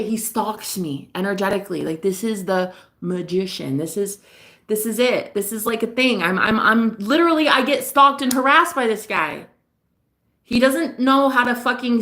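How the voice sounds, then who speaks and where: A woman's voice: on the high side, moderate pace, fairly bright tone. A young woman vlogging at night, sad and unable to sleep, rambling candidly and swearing as she tells a personal story. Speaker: vlogger and psychic reader. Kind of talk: confessional late-night vlog.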